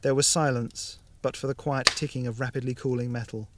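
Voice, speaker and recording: A man reading a science fiction story aloud in a steady, even narration. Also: mid-range voice, a little fast, noisy background.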